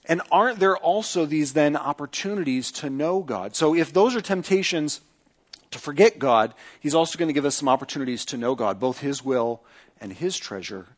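Middle-aged guy preaching, lots of "isn't it true" style questions, goes soft and low for the prayer. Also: animated, normal speed. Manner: asks the congregation rhetorical questions; acts out quoted speech with lifted pitch. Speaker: pastor. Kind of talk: sermon.

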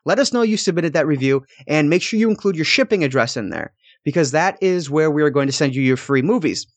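A man's voice: on the high side, animated, fast, dry recording. A man hosting a film podcast, chatting casually with loose, profane asides. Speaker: podcast host.

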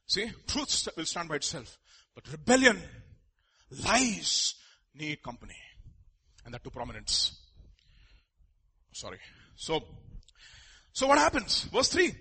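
High, husky-voiced male preacher. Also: sing-song, a little slow, long pauses, sharp tone. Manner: emphatic, with rhetorical questions and asides; joking with the congregation. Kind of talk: sermon.

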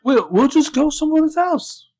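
A man voicing a pleading, lovestruck young man in a strained put-on voice with a deliberately bad accent. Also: very high-pitched, animated, darkish tone, voice pushed up, heavily acted. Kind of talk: podcast scene reenactment.

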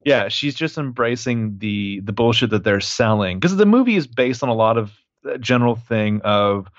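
A man co-hosting a casual film review chat, talking in a halting way full of fillers. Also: medium pitch, expressive, no echo, dull audio. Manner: conversational, halting, frequent fillers. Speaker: podcast co-host.

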